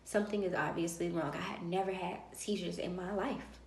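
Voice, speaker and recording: A woman vlogger telling a personal story in a lively way and acting out the dialogue of others. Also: lowish voice, a little fast, slight background noise. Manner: animated, acts out dialogue. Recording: roomy echo.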